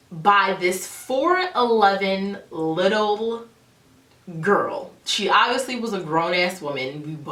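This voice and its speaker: A young woman vlogger telling a dramatic story in a casual, animated way. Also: lowish voice. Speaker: beauty vlogger. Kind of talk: storytime vlog. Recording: roomy echo, a bit far from the mic.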